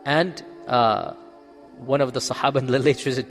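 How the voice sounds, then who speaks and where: A man's voice: mid-range voice, a little fast, big-room sound, faint music behind. A man giving an Islamic religious lecture in answer to questions. He speaks emphatically, asks rhetorical questions and answers them himself, and checks in with his listeners. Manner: checks in with the audience with "Okay?". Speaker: Islamic scholar.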